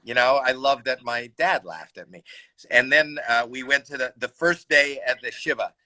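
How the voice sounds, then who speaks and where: A man from Canada, a comedian, telling an animated anecdote in casual chat, acting out the people in it. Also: medium pitch, moderate pace, low-quality recording. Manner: animated storyteller, shouts and voices people in anecdotes. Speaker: comedian guest. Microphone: video call.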